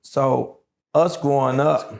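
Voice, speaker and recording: Gravelly middle-aged man with a drawl. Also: medium pitch, steady tone. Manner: slow, drawling storytelling with many fillers. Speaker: interview guest. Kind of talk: casual storytelling interview.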